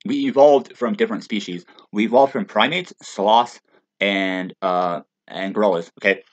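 A man in a rambling, profane monologue rant, stammering and restarting, with heated loud outbursts. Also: on the low side, moderate pace. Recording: dull lo-fi recording.

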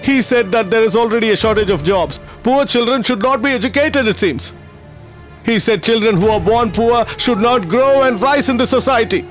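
A man's voice: very high voice, normal speed. A man dubbing a kind middle-aged teacher who runs a school for poor children, speaking with heartfelt sorrow. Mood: bitter. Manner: heartfelt, grieving, apologetic. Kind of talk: dubbed film acting. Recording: film soundtrack with loud music.

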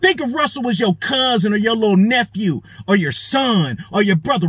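High, lively profane male storyteller. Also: normal speed, few pauses, slightly rough, dry recording. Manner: animated, swears heavily, acts out quoted lines. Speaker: show host.

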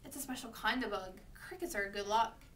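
A woman reading aloud voices an eager young boy who pleads earnestly and gently. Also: on the high side, a little fast, distant mic, close to an everyday voice. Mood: pleading.

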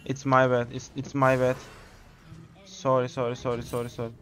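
A man, excitedly commenting on his own gameplay, repeating short exclamations in English. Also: medium pitch, moderate pace. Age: 20s. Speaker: gamer streamer.

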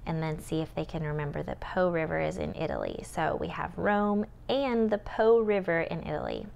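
A woman's voice: deep voice, normal speed, gravelly, a little mellow. A young woman, a homeschool tutor, walking through her lesson plan and acting out the prompts she gives children in a sing-song teacher voice.

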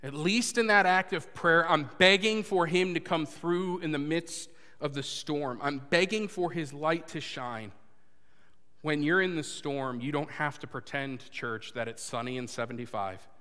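A man's voice: a little high, a little slow. Earnest male pastor in a reverberant church. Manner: earnest, swings between loud urging and hushed confession. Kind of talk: sermon with personal story. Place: church sanctuary before a congregation. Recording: long hall reverb.

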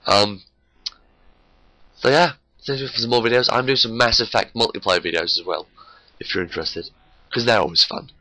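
A man's voice: medium pitch, fast talker, bright, forceful tone, no room sound, rough recording. A man hosting a gaming channel with casual, rambling gameplay commentary and self-mocking jokes, talking through a sore throat.

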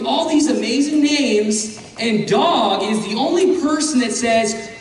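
A man with a high voice preaches a fervent sermon, hammering phrases again and again and building to shouts. He sounds far from the mic in a big church hall with a long, heavy echo, and there is a faint hiss under him. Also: animated, unhurried. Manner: repeats phrases for emphasis. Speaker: guest preacher. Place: church sanctuary.

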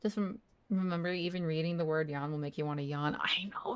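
A woman's voice: lowish voice, expressive, a little fast, a little mellow. A woman streaming a game from her home desk, chatting casually in a playful, giggly way and often apologizing to her chat.

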